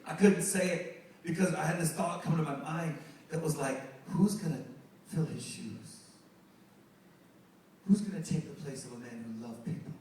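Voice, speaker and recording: A middle-aged male pastor preaching a sermon, animated and joking with the congregation as he tells stories. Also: a little high, normal speed, long pauses, slight background noise. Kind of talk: sermon with storytelling. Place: church sanctuary. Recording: echoey hall, distant mic, music behind.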